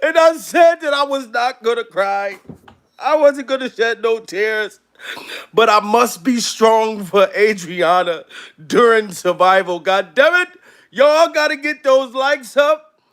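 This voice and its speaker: A man's voice: very high-pitched, lively intonation, takes it slowly, fairly bright tone. A man doing comedic gossip commentary in an over-the-top style, full of repeated catchphrases and mock-dramatic bits. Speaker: commentary vlogger.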